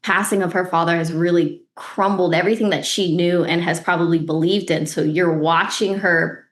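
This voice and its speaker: A woman, an actress guest on a podcast interview, talking in an earnest, reflective way that turns animated when she retells a story. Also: lowish voice, moderate pace. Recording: roomy echo.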